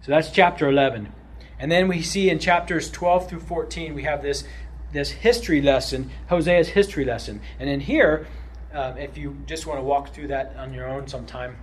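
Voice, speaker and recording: A man teaching through a book of scripture, animated, often checking in with "right?" and moving between loud emphasis and quiet asides. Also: on the high side, moderate pace, husky. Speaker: Bible teacher. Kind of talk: expository Bible teaching.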